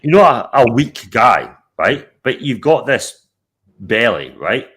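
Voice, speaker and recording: A man hosting a casual live stream, blunt and animated, swearing constantly while telling stories. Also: mid-range voice, slow pace, slightly rough. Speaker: show host.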